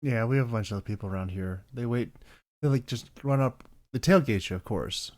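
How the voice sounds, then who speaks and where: A tired man co-hosting a casual podcast chat, easygoing and quick to laugh. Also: medium pitch, darkish tone. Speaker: podcast co-host.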